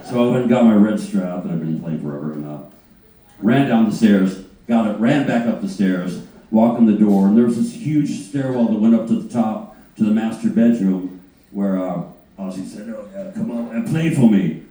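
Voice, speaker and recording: A man spins an animated, profane anecdote, stumbling through restarts as he goes. His voice is low and mellow. He is heard from a distant mic in a very echoey room. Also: normal speed. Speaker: guitarist panel guest. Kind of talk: anecdote storytelling. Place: panel on a cruise ship.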